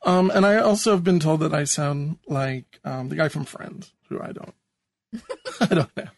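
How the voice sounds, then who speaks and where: A man co-hosts a podcast, talking in a halting, casual way with many ums. He laughs at himself. His voice sits slightly high, and the sound is dry and close. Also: vocal fry, dry recording. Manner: hesitant, many ums, self-deprecating laughs. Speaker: podcast co-host.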